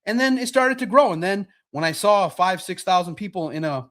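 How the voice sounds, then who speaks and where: A man hosting a sports podcast live stream, chatting casually in an animated, repetitive way with frequent restarts. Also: high-pitched, fairly quick.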